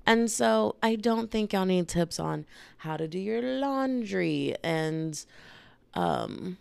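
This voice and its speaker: Gravelly, congested woman podcast host. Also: mid-range voice, lively intonation, slow, no echo. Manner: chatty, playful and rambling. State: congested from a cold. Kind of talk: casual solo podcast chat.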